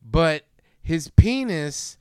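Animated, high-voiced man riffing on a film. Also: very slow, clear, resonant tone, dry recording, clean studio sound. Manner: animated, profane, acts out scenes with silly voices and sound effects. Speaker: podcast co-host discussing a film. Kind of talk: casual film discussion.

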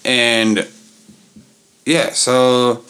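A young man tells a long, rowdy story in loose podcast chat, swearing freely and slipping into other people's voices. His pitch sits in the middle, and his delivery is animated and profane. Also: extremely slow. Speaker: podcast co-host.

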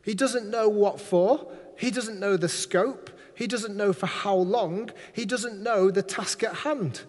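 A man preaching a sermon in a lively, playful way, acting out the voices he quotes. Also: high-pitched, slow pace. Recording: long hall reverb.

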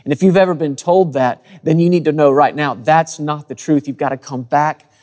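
An earnest man in his thirties delivers a conversational sermon, his slightly higher voice circling back on words as he builds each point. A long reverb trails behind him, as if he were in a large hall. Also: fairly even intonation, moderate pace, a little mellow. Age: 30s. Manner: earnest, conversational preaching with frequent word repeats. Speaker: pastor.

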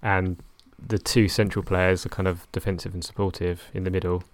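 A man's voice: deep voice, level tone, a little fast, dry recording. A young man talking casually about his football management game, rambling and correcting himself with a wry tone. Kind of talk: casual chat.

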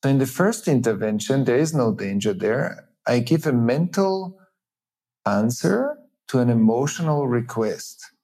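A middle-aged man, a teacher and facilitator, explaining ideas earnestly in an interview with many pauses and restarts. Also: mid-range voice, expressive, warm tone. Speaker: teacher and trauma-healing facilitator, guest. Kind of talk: reflective interview talk.

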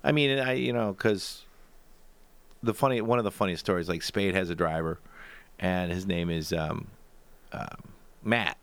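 A man in casual chat, telling profane stories and mimicking people in a lower voice. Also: moderate pace, pauses often, a bit bright, no echo. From grew up in a snowy region.

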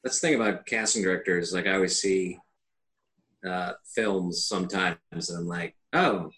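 A man's voice: sits low, fairly even intonation, normal speed, fairly bright tone. A male podcast host in casual chat, laughing easily and chipping in with wry short reactions.

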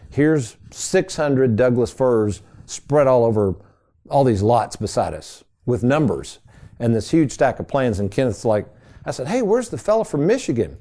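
On his financial radio show, a middle-aged host spins casual stories and addresses his audience as folks. His voice is mid-range with a dark tone.

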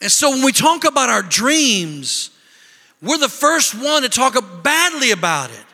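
A male pastor with a high, sharp, piercing voice delivers a sermon. His words ring out with a long reverb, as in a large hall. He preaches with emphatic bursts and mimics the voices of the people he addresses. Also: big pitch swings, measured pace.

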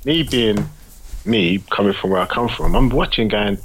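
A British man with a lowish, husky voice tells slangy, animated stories about his work. He talks casually as a podcast guest, and there is a slight radio-like sound to his voice. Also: moderate pace, rough recording. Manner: animated anecdotes, slangy, laughs while telling stories. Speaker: guest, creative director. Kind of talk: casual storytelling in a podcast interview.

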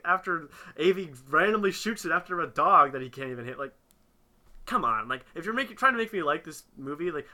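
A man talks through a film on a podcast in a loose, chatty way, leaning on "like" as a filler. His voice is very bright and cutting, and he grows animated when something in the plot bugs him. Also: on the high side. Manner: chatty, uses "like" a lot, animated when critiquing. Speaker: podcast co-host. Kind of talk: casual film discussion.

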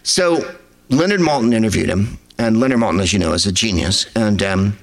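A man telling rambling, wry stories to a live audience, slipping in quick impressions of people. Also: fairly low pitch, expressive, low-quality recording.

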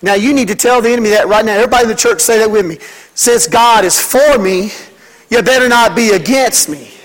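An older man, a pastor preaching a fervent sermon to his church, moving between loud, emphatic lines and hushed ones. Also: high-pitched, fairly quick, low-quality recording.

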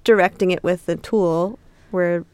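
A woman guest on a podcast, an acupuncturist, talking modestly and softly. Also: on the low side, fairly even intonation, unhurried, clean tone, no room sound. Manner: modest, soft-spoken. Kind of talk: casual podcast chat.

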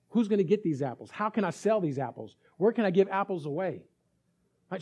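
A man preaching to his congregation in a high, swooping voice that rises and falls with every point. He keeps the room with him by checking in often. He plays out little everyday scenes as he goes. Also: warm tone, husky. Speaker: pastor. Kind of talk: sermon.

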